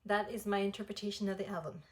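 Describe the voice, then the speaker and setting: A woman's voice: medium pitch, fairly even intonation, quick pace. A young woman chatting through a casual album review, full of "like" fillers and gushing enthusiasm. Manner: chatty and effusive, many "like" fillers. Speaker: music reaction vlogger.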